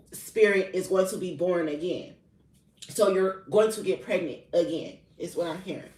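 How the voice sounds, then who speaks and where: A woman's voice: lowish voice, a little mellow. A young adult woman, a spiritual reader, telling a personal story in a candid, heavily profane, casual confessional way. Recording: roomy echo, mic at a distance.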